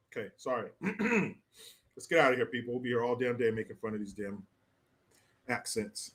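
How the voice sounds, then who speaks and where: Brash, bright-voiced male livestream host. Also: medium pitch, moderate pace, pauses often. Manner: brash, profane, joking banter. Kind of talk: casual livestream commentary.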